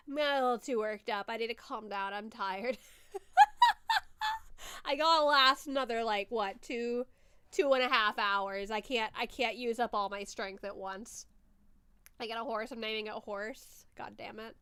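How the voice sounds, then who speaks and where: A woman streamer giving chatty, excitable live commentary over a film, swearing when she gets worked up. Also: fairly high pitch, a little slow, clean tone, no echo.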